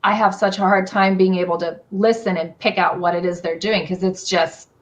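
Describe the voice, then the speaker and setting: A woman's voice: fairly low pitch, normal speed. Appalachian-accented woman storyteller chatting. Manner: talkative, animated, many fillers. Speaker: storyteller guest. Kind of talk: casual chat.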